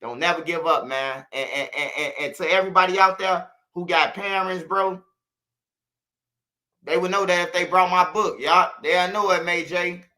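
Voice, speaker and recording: High, bright-voiced Chicago man preaching. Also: steady tone, normal speed. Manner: street slang, repetitive, preachy. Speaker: channel host. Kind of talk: casual monologue to viewers.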